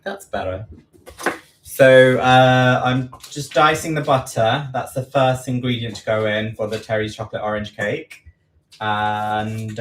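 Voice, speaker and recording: Streaming from his home kitchen, this baker chats casually in an East London accent, teasing himself and repeating measurements aloud. His voice is lowish, with a slight hiss or hum in the recording.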